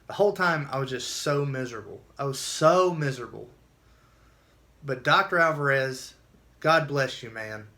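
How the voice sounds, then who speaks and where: A man's voice: medium pitch, normal speed, pushed and bright. A man telling his own story in a casual vlog, earnest and emotional, often restarting his sentences.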